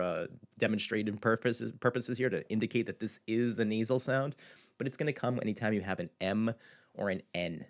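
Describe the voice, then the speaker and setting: A man with a fairly low voice teaches a casual video lesson. He talks loosely, with plenty of filler words. He often slows down to repeat a word several times so the pronunciation comes through clearly. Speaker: language teacher.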